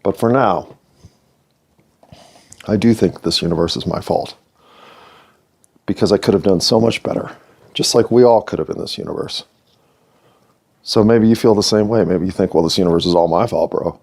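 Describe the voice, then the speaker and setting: American guy musing alone on his podcast, low voice, kinda rambling and self-deprecating. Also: normal speed, long pauses, a little mellow, slightly rough. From United States. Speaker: podcast host. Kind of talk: reflective solo monologue.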